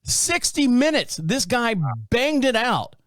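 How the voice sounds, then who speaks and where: A man in his fifties hosting a casual chat show, telling stories in an animated way, swearing and laughing often. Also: very high voice, slow pace, no echo, studio quality. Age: 50s. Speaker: podcast host.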